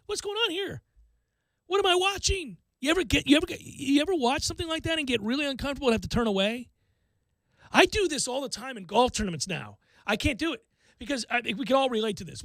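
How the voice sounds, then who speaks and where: A man hosting a sports talk radio show, excitable and animated, acting out quotes and laughing often. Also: very high voice, no room sound.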